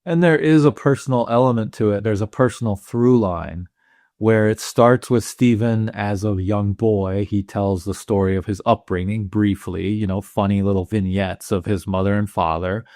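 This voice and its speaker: A man co-hosting a film podcast who builds his points slowly and asks questions. His voice sits on the low side. The recording is dry and close, with no echo. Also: steady tone, a little mellow. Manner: thoughtful, halting, with restarts and questions. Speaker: podcast co-host. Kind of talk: casual film discussion.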